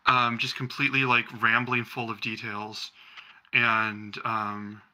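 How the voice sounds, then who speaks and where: Bright-voiced man running a tabletop game. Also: medium pitch, level tone, slow pace. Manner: rambling narration with many ums. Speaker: game master.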